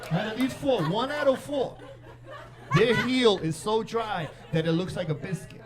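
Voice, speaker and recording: A man's voice: high-pitched, unhurried, heavy background noise. A man doing a stand-up comedy set, brash and profane, working the crowd. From New York. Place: comedy club with a laughing crowd. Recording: live club recording with crowd laughter.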